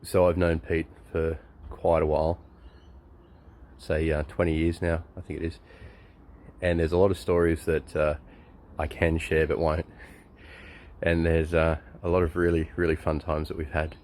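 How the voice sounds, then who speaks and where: A man's voice: a bass voice, flat delivery, normal speed, pauses often, a little mellow, a little hiss or hum. A man in his forties with an Australian accent, telling a long, rambling anecdote to a friend, chuckling and full of fillers. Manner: chuckling, loose storyteller with many fillers. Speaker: friend giving a birthday message.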